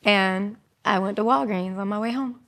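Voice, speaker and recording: A woman in her thirties telling her own story as an interview guest, animated, acting out quotes in raised voices. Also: mid-range voice, moderate pace.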